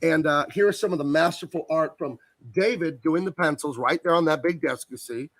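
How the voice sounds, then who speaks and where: A man's voice: a little high, fairly quick, a bit bright, dry recording. A man who colors comics, talking enthusiastically and at length about his work as a guest on a video call. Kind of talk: casual interview chat.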